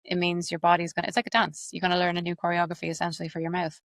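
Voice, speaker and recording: Woman, Irish accent, accent coach, quick lively explainer, slightly low voice. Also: no echo. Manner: fast, animated, explains with examples. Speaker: accent coach and actress, guest. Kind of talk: explanatory interview talk.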